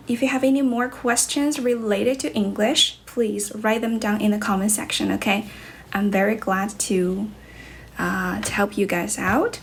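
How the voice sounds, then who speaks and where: A woman's voice: a little high, slight background noise. Chinese-accented woman teacher on a livestream. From China. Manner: switches between English and Chinese, brisk and blunt with rude viewers. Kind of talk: casual livestream chat answering comments.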